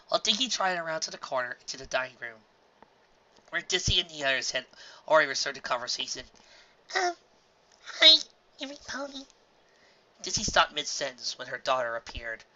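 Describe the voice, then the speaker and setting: A woman reading a story aloud as narrator, with animated, expressive narration. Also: extremely low pitch, a little fast. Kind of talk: audiobook reading of fan fiction. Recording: dull lo-fi home recording.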